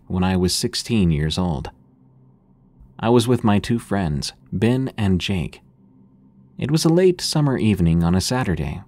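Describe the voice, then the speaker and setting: A man narrating horror stories in a calm, measured, scripted reading. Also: low voice.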